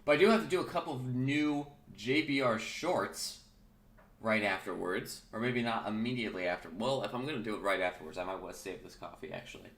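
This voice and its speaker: A man with a bright, low voice hosts his solo morning talk show, his early-morning throat still rough. He rambles and corrects himself as he goes. The room around him is echoey. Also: a little fast. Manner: chatty, rambling, self-correcting. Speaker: podcast host.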